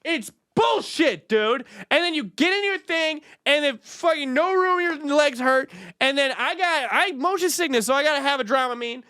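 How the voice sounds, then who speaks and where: A man's voice: extremely high pitch, animated, normal speed, few pauses, sharp tone, no room sound, clean studio sound. A young man co-hosting a radio show, ranting in a comic, profane, exasperated way. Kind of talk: comedic rant.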